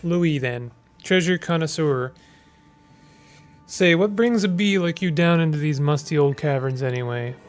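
A smooth-talking whiskered creature burglar with a taste for treasure, read aloud by a man from a video game. His voice sits a little high for a man, and he flatters and schemes in a theatrical way. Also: a little slow, soft background music, natural voice. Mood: friendly. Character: suave whiskered male creature thief, treasure-loving schemer. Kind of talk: reading game dialogue aloud.

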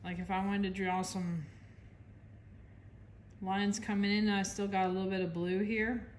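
A woman's voice: mid-range voice, little pitch movement, normal speed, darkish tone, a little hiss or hum. An American woman giving a casual, chatty painting demonstration, talking while she works and apologizing to viewers now and then. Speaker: art instructor.

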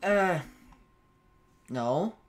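A man's voice: high-pitched, expressive, very slow, faint music behind. A man streaming a game, chatting casually, stammering and repeating words, breaking into yelps and laughs when frustrated. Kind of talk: casual gameplay commentary.

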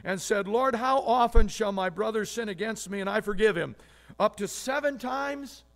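A man's voice: high-pitched, fairly bright tone. A man preaching a sermon as pastor, reading scripture aloud with emphasis and often repeating words.

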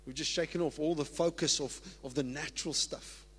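Pastor guy preaching, kinda high voice, big echoey church hall, gets loud and whoops a lot. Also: steady tone, brisk, husky. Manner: exuberant preaching, bursts of whoops and laughter. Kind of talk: sermon. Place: church sanctuary. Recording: long church-hall reverb.

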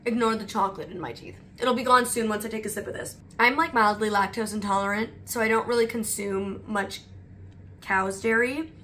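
A woman's voice: mid-range voice, fairly quick, sharp tone, a little hiss or hum. A young adult woman vlogger chatting casually while taste-testing snacks, talking in a loose, rambling way full of "like". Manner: chatty, leans on "like" as filler.

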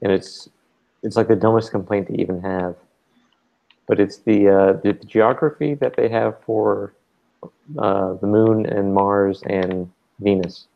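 Gravelly low-voiced man ranting exasperatedly. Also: fairly even intonation, a little slow, highs cut off. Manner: rambling, exasperated ranting with restarts. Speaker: livestream co-host. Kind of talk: casual chat while gaming.

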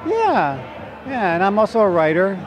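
A man's voice: high voice, huge pitch swings, normal speed, highs cut off, soft background music. Playful man with a New Jersey accent. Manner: playful, flirty, joking. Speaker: actor guest. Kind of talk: red carpet interview. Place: outdoor red carpet event. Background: crowd chatter.

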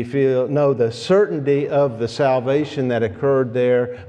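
Slow, deliberate man preaching in a reverberant hall. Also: medium pitch, dark tone. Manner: slow, deliberate, with restarts and fillers. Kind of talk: sermon. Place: church sanctuary. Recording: long reverb of a church hall.

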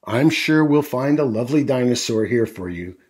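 A man voicing a cheerful, gentle mother pig in a storybook reading, speaking brightly and soothingly. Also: mid-range voice, expressive, moderate pace, slightly rough.

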